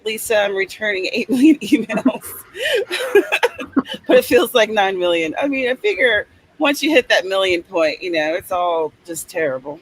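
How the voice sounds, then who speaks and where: A woman's voice: medium pitch, lively intonation, normal speed, slight background noise, low-quality recording. Chatty woman hosting a stream. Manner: chatty, reads out comments, playful asides. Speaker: host of a writing stream. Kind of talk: casual live-stream chat.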